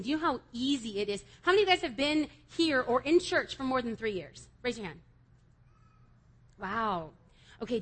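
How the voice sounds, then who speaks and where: High-voiced woman preaching an emphatic youth sermon. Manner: emphatic, swings from loud exhortation to quiet confession. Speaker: youth speaker. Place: church youth service before a crowd.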